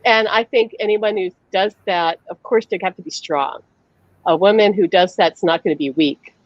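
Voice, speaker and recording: A woman's voice: medium pitch, moderate pace, no room sound, highs cut off. A woman who works as a psychic medium, hosting a live-streamed conversation and telling stories animatedly over a video call, laughing often.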